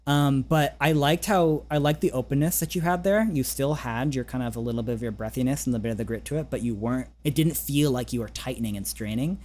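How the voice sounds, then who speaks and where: A man coaching singing in a relaxed online session, talking gently with many restarts and fillers, now and then singing a few scale notes. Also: medium pitch, fast talker, hardly any pauses. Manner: sings short scale demos. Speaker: vocal coach. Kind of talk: casual vocal lesson over a call.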